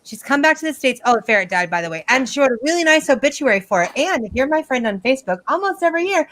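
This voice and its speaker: A middle-aged woman performs a sarcastic stand-up comedy set over a video call, high-pitched and fast. She tells stories animatedly and throws in mocking impressions.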